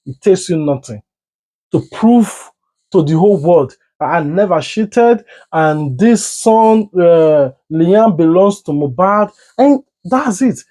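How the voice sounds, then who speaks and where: A man's voice: sits high, slow, rough recording. A Nigerian man hosting a commentary show, arguing his opinion and acting out quarrels with a rising voice. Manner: animated, acts out arguments with rising voice.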